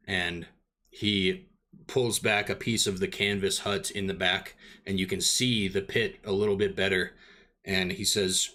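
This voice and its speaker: A man running a tabletop role-playing game, narrating scenes in a loose way full of small fillers. His voice is low-pitched but bright and forceful. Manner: relaxed, halting narration with many fillers. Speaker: game master.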